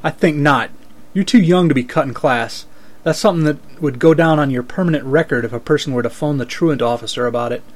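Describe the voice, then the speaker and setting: A man reading a story aloud and voicing a blunt, teasing middle-aged neighbor who makes deadpan threats. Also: fairly high pitch, a little fast, close to an everyday voice.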